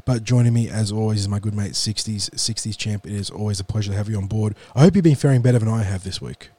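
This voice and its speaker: A man hosting a casual sports podcast, sounding nasal from the flu and talking in a measured, explanatory way. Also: on the low side, mellow. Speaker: podcast host.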